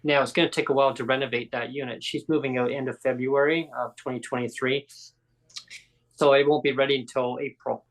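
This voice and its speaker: A man's voice: medium pitch, brisk, poor audio. A man hosting a casual podcast chat, telling a story animatedly and acting out the people in it. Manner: animated storyteller, acts out quotes. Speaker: podcast host.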